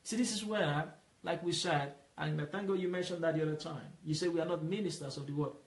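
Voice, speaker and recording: A man leading a Bible study, explaining patiently and asking questions for the listener to fill in. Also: a little high. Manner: asks questions and lets the listener fill in the answer; explains patiently, repeating points slowly. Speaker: Bible teacher. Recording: roomy echo.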